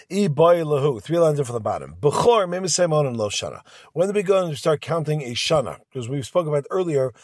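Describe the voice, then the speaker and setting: A man with a fairly high voice leads a daily Talmud class, reading lines of Aramaic and then explaining each one in English. He sometimes stumbles and repeats a word as he reads. The recording is close and dry. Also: darkish tone, dry recording. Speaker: Talmud teacher.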